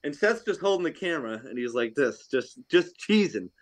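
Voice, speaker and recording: A man from Rhode Island with a slightly higher voice spins a hunting tale in casual chat. He acts out the quotes of others as he goes. He laughs often along the way. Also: very animated, normal speed. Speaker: podcast guest, deer hunter. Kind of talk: casual storytelling.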